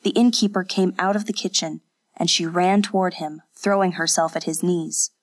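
Low-voiced woman reading a story. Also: steady tone, normal speed. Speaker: audiobook narrator. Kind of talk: scripted narration.

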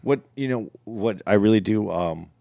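A man's voice: lowish voice, normal speed, vocal fry, mellow, no room sound, highs cut off. A man co-hosting a podcast in casual chat, hesitant and full of fillers. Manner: hesitant, filler-heavy commentary. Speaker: podcast co-host.

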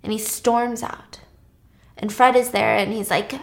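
A woman's voice: on the high side, unhurried, vocal fry. A woman casually retelling a film plot, animatedly acting out the characters' lines. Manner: animated, acts out characters' lines in quoted voices. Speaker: storyteller recapping a film.

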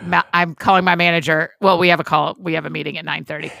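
A woman's voice: sits low, level tone, quick pace, gravelly, sharp tone, no echo, studio quality. A woman hosting a podcast, chatting casually and laughing often with her co-host. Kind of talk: casual chat.

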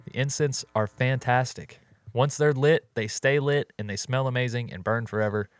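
A man's voice: medium pitch, moderate pace, dry recording. A man co-hosting a podcast in a laid-back, chatty way, doing a casual ad read and talking with his co-host. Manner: laid-back, chatty, drifts into animated storytelling.

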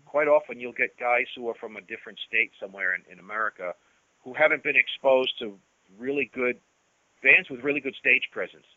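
A man's voice: mid-range voice, fairly quick, bright, forceful tone, no room sound, muffled recording. A man guesting on an interview, telling long stories in a loose, rambling way full of restarts and "you know". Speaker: guest musician. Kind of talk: casual storytelling interview.

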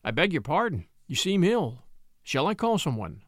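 Calm gentle gentleman read by a guy, soothing, lively pitch, dry close sound. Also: normal speed, no echo. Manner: gentle and reassuring. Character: calm, kind-seeming gentleman stranger.

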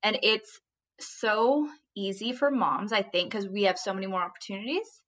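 A mother, a guest on a podcast, tells stories in a casual chat. Her voice is mid-pitched, and she talks in an animated, chatty way full of filler words. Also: moderate pace.

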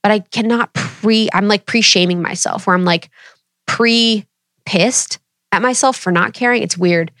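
A woman's voice: medium pitch, unhurried, fairly bright tone, no room sound, studio quality. A woman in her thirties chatting candidly with her viewers, casual and swearing freely. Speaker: vlogger.

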